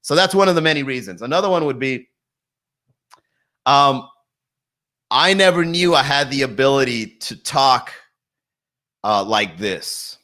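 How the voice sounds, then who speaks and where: A young man talks to his live-stream audience from his garage, running on and on in loose riffs. His voice is bright and forward, and he laughs at his own jokes as he goes. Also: mid-range voice, lively intonation, a little slow, pauses often. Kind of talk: casual live-stream comedy chat. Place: home garage.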